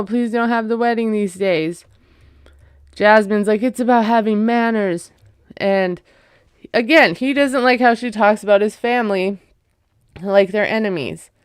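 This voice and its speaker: A chatty woman in her thirties recaps a reality show in a loose, sarcastic way, full of "like" and "you know". Her voice is very clean and smooth. The recording is dry and close, with no room sound. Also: mid-range voice, no room sound. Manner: chatty, sarcastic asides, laughs often, many fillers. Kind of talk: casual recap commentary.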